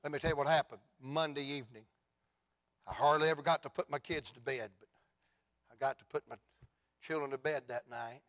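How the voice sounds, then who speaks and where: A man with a Southern US accent preaching an evangelistic sermon, telling folksy stories and building to shouted climaxes. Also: a little high, steady tone, a little fast, long pauses. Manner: folksy storytelling, rising to shouts.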